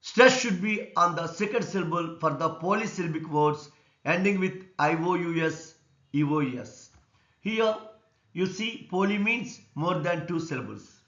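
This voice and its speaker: A man with an Indian English accent teaching an English lesson on word stress, explaining slowly and deliberately. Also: fairly high pitch, animated, fairly bright tone. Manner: slow, deliberate explanation, repeating words and stress rules. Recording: echoey room, dull lo-fi sound.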